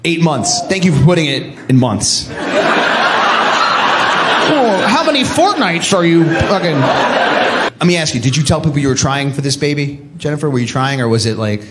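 A man's voice: mid-range voice, brisk. A man doing stand-up crowd work at a comedy club, teasing the audience and laughing at his own jokes. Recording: loud audience laughter and room noise.

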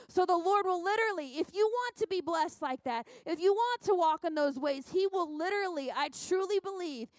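A woman's voice: very high-pitched, animated, a little fast, few pauses, dry recording. A young woman pastor preaching at a women's conference, fervent and exhorting, with lots of repetition. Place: church sanctuary.

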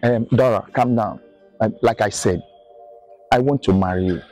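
A man's voice: fairly low pitch, normal speed, faint music behind, lightly acted. A man playing a hesitant, pleading Nigerian suitor. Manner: pleading, hesitant, soft-spoken. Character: persistent poor young village suitor. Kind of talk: Nollywood film acting.

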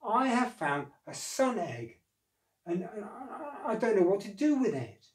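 A man reading a storybook aloud, voicing an excitable little female elf who stammers when excited. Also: sits high, measured pace, echoey room, far from the mic, voice pushed up.

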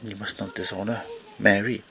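A man's voice: fairly low pitch, fairly even intonation, moderate pace, creaky, poor audio. A man voicing a band of stern, all-knowing little fairy men, speaking in a commanding way.

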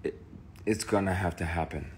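Deep-voiced man telling a raw story. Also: fairly even intonation, normal speed, darkish tone, a little hiss or hum. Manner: emphatic, raw and swearing, with restarts. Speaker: actor. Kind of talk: candid personal testimony.

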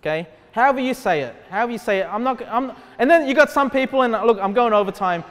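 A man's voice: extremely high pitch, fast, few pauses. A man preaching a sermon in a church, talking conversationally and asking the congregation many questions. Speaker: pastor. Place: church sanctuary. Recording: long church hall reverb.

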